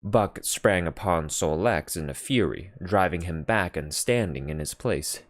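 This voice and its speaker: An audiobook reader with a deep voice narrates a classic novel at an unhurried, measured pace. His lively intonation swings widely in pitch to heighten the drama, and the recording is dry and close with no echo.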